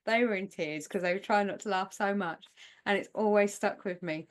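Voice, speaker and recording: A woman co-hosting a casual film podcast, telling stories with animation and laughing easily. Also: mid-range voice. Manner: animated storyteller, quick to laugh. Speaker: podcast co-host.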